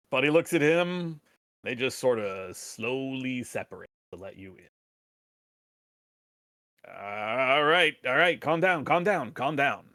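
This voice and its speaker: A man running a tabletop game over a virtual table, narrating casually and rambling, often circling back mid-sentence. His voice is bright and forceful at a mid pitch. The recording is dry and close. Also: no echo. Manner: casual, rambling, with frequent restarts and laughs. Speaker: game master.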